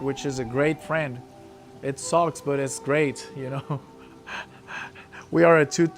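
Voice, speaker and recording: A man coaching a breath-hold session, encouraging the group and calling out hold times. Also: a little high.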